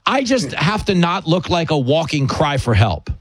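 A man's voice: fairly high pitch, normal speed, slightly rough, no room sound, studio quality. A man hosting a radio talk show, joking and telling stories about himself. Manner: joking, self-mocking, animated storytelling. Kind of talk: casual radio chat.

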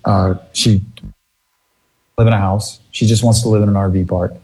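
A man telling a funny family story in a casual, animated way, laughing often. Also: fairly low pitch, moderate pace.

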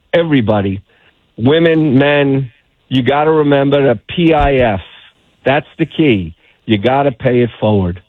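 A man's voice: medium pitch, no echo. A middle-aged man, a fishing guide, telling fishing stories on a radio call-in with many restarts. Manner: chatty storyteller, many restarts. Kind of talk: phone-in radio chat. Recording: tinny phone line.

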